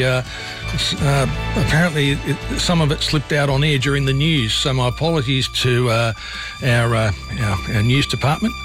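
An Australian man hosting late-night talkback radio, chatty and rambling as he thinks aloud. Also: mid-range voice. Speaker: radio host. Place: radio studio. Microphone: studio microphone.

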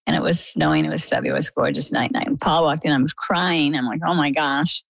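Low gravelly woman telling her story. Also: fast, no echo, low-quality recording. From Maine. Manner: animated storyteller, acts out quoted dialogue. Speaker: interview guest. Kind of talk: storytelling in an interview.

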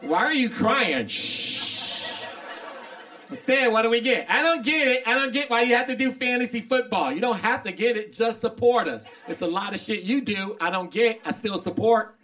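A man's voice: extremely high pitch, a little fast, sharp tone. A man performing a stand-up comedy routine, talking to the crowd and acting out little dialogues. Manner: conversational, acts out dialogue.

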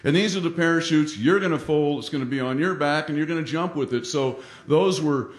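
A man telling a funny personal story on stage, animated and self-mocking, acting out the lines of the people in it. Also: a little high, a little fast. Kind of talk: live comic storytelling. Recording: roomy hall with audience laughter.

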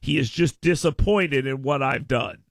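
A middle-aged man hosting a talk radio show, sarcastic and mock-petty, jumping between low mutters and hyped shouts in his monologue and ad reads. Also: normal speed, creaky, dry recording. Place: radio studio. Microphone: studio microphone.

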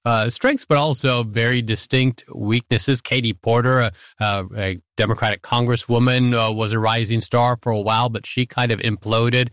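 A man talking through politics in a conversational way, with many "uh" pauses. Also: mid-range voice, steady tone, fairly bright tone, no room sound, studio quality. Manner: thoughtful, frequent "uh" pauses. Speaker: podcast co-host. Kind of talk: conversational analysis. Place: studio in Washington.

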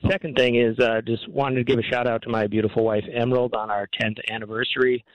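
A man calling in to a sports radio show, halting and full of fillers. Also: mid-range voice, level tone, dry recording, dull audio. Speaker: caller. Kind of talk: call-in radio chat.

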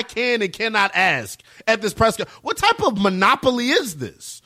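A man's voice: sits high, wildly swooping pitch, moderate pace, sharp tone. A man co-hosting a sports talk show, emphatic and fond of rhetorical questions. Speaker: sports podcast co-host.

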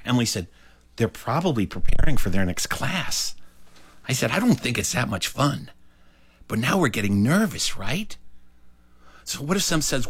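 A man spinning a childhood story for listeners, his voice rising and falling widely as he talks. He is animated, jumping into other characters' voices along the way. His pitch sits right in the middle for a man. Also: moderate pace, pauses often, slightly rough. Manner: animated, acts out characters with big pitch leaps. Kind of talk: told story performed for listeners.

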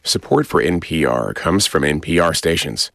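Deep-voiced man reading a sponsor message. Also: lively intonation, moderate pace, creaky, fairly bright tone, dry recording, studio quality. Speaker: announcer. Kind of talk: sponsor announcement.

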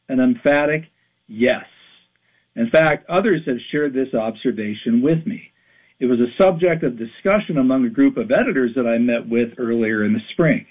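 A man's voice: mid-range voice, breathy edge. A man in his fifties from western Pennsylvania, reading an emphatic radio commentary. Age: 50s. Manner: animated, emphatic delivery. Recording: tinny phone-like line.

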